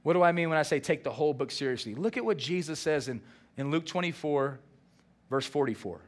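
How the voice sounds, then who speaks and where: A man, the senior pastor, preaching a sermon and acting out lively dialogue. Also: fairly high pitch, fairly quick. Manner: animated preaching with acted-out dialogue.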